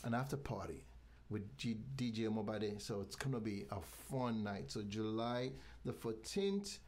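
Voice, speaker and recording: A man from Nigeria, a guest in a casual interview, talking in a halting way with frequent restarts. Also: on the low side, lively intonation, darkish tone, slight background noise. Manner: halting, many restarts, promotional. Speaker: guest, venue owner.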